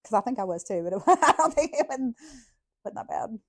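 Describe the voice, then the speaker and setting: A woman's voice: fairly high pitch, fairly quick. Laughing, foul-mouthed woman storyteller. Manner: profane, laughing, animated storytelling. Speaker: podcast host. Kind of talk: casual storytelling.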